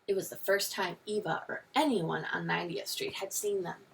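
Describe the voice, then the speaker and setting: A woman's voice: on the low side, normal speed, gravelly, a bit bright, distant mic, a little hiss or hum. Woman reading a storybook aloud expressively. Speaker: teacher. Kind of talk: reading a picture book aloud.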